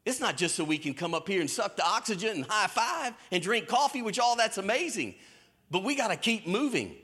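Bright lively high-voiced preacher man. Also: fairly quick, husky. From American South. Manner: lively storytelling preacher, folksy Southern phrasing. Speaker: pastor. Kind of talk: sermon. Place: church stage.

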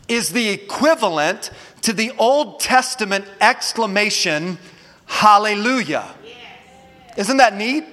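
A man's voice: high-pitched, sharp tone, in a large hall. A man preaching a sermon as pastor, urging his congregation to respond and repeat words after him. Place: church auditorium.

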